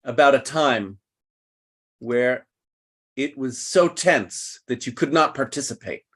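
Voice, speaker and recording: A man teaching an online English class over a video call, explaining slowly and patiently. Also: mid-range voice, animated, fairly bright tone. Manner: patient, slow, deliberate explaining.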